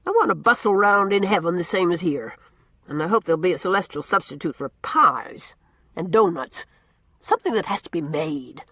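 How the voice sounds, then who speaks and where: A woman voicing a brisk, outspoken older village woman with blunt, gossipy opinions. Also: lowish voice, lively intonation, a bit bright, breathy edge, no room sound, exaggerated voice. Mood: musing.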